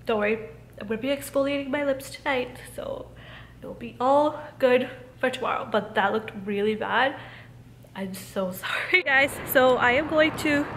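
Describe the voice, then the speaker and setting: A woman's voice: sits high, normal speed, fairly bright tone, echoey room, slight background noise. A young woman vlogging casually and gushing, often saying "literally" and "like", with a giggly manner. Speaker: beauty vlogger. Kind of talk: casual vlog chat. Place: large hotel room.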